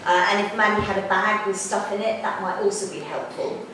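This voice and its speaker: A woman teaching drama, giving brisk, directive feedback to a class. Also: medium pitch, little pitch movement, pushed and bright. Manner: brisk and directive, quick instructions. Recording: echoey classroom from far off, some noise.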